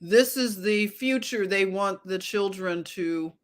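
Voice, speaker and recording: A woman's voice: medium pitch, takes it slowly. A woman hosting a casual livestream, reading news headlines aloud with sarcasm and chuckling at them. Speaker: livestream host.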